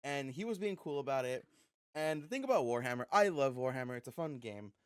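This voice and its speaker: Animated young man telling a story. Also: medium pitch, a little fast, clean tone, no echo, studio quality. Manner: animated storytelling with frequent profanity. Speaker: podcast co-host. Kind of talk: casual chat.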